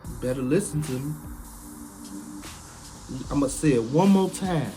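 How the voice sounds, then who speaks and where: Guy ranting to his stream, high voice, drawls everything out slow, faint music under it. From Chicago, USA. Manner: emphatic, preachy, sounds like shouting even when calm. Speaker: online commentator. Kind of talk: casual live-stream monologue.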